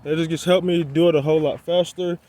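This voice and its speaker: A man's voice: fairly high pitch, fairly even intonation, fast talker, mellow. A young man talking loosely to his viewers while working on his car outdoors, a little out of breath. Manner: loose, rambling, talks to viewers as y'all. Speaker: car vlogger. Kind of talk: casual vlog chat. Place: outdoors on a quiet roadside.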